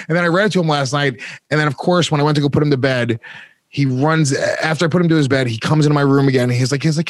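A man in his thirties chatting as a podcast co-host, frank and halting, laughing easily. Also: mid-range voice, no echo, clean studio sound. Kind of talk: casual chat.

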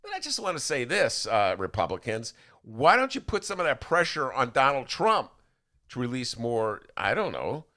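A man's voice: medium pitch, big pitch swings, moderate pace, pushed and bright. A man hosting a podcast in casual political chat. He rambles and restarts often, and he acts out quotes with big swings in his voice. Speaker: podcast host.

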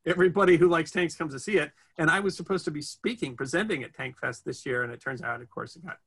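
A brisk man with a bright, forceful voice, chatting as an interview guest. He tells stories in quick bursts and circles back with restarts and fillers. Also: on the high side, slightly rough. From United States. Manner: rambling storyteller with many restarts and fillers. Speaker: interview guest, history storyteller. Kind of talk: casual interview chat.

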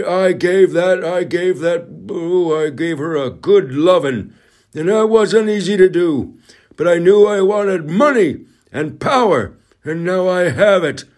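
A man's voice: high voice, lively intonation, takes it slowly, a little mellow, pitched above the performer's own voice. A man doing a comic impression of a pompous, greedy older male politician who stammers and keeps repeating "listen". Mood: smug.

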